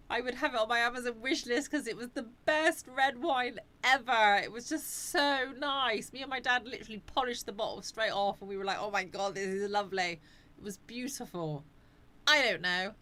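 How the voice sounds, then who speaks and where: A woman's voice: fairly high pitch, normal speed, sharp tone. A woman hosting a casual live chat, rambling and answering viewers' comments. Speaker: live stream host.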